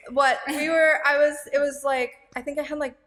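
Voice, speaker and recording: Rambling young woman, slightly high voice. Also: steady tone, moderate pace, a bit bright, in a large hall. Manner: rambling, filler-heavy storytelling with many restarts; emotional and candid, close to tears. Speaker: podcast guest. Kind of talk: casual podcast chat.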